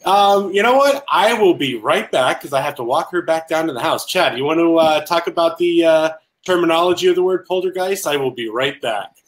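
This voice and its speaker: A man's voice: fairly high pitch, animated, fairly quick. A man hosting a casual podcast, rambling and apologizing as he loses track of his thoughts. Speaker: podcast host.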